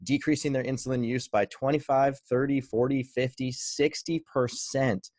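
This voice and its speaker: A man's voice: mid-range voice, fairly even intonation, moderate pace, a little mellow, dry recording. A man with a mid-range voice co-hosts the conversation, explaining in an earnest way. His voice is close and dry, with no room sound. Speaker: co-host, diabetes coach. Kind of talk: conversational interview.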